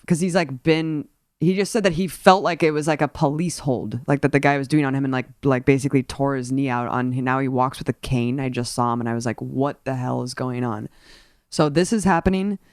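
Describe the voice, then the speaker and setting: A woman hosting a casual political discussion, talking in an animated, rambling way with many fillers. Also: a bass voice, no echo, studio quality.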